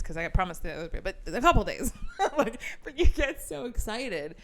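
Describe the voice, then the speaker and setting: A woman's voice: medium pitch, big pitch swings, brisk, few pauses, fairly bright tone. A woman hosting a casual comedy chat with a friend, encouraging him and laughing along. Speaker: comedian host.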